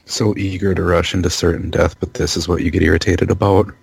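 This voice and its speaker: A man's voice: low-pitched, flat delivery, fairly quick, creaky, slightly rough, no echo. A young man playing a tabletop game, making wry jokes. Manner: wry, joking. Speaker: player.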